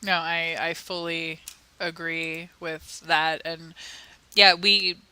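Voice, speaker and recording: A woman co-hosts a casual livestream chat, speaking earnestly with frequent ums and restarts. Her voice is very bright and crisp, sitting a little low for a woman, and the sound is dry and close. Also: flat delivery, slow pace. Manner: earnest, emotional, many fillers and restarts. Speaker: co-host of an advocacy livestream.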